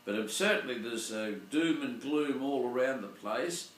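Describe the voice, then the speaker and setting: Rambling older priest in an echoey room. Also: male voice, mid-range voice, normal speed, fairly bright tone, far from the mic, slight background noise. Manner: rambling and digressive, searching for words. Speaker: Catholic priest. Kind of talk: informal Sunday reflection.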